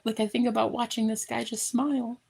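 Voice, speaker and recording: A woman talking in a heartfelt, rambling vlog, full of halting restarts. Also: fairly high pitch, level tone, gravelly, darkish tone, breathy edge. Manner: earnest and effusive. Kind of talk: emotional personal vlog.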